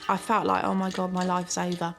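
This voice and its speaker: Mum, 40s, documentary interviewee; fry in the voice, weary plain delivery. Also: female voice, lowish voice, completely flat delivery, fairly quick. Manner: weary, plain-spoken recollection. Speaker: mother of twins. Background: soft music.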